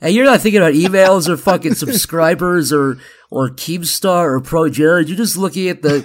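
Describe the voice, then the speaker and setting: A man chatting as a podcast guest, his voice sitting a little high. He rambles through comic riffs and swears freely as he talks. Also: normal speed. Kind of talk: casual chat.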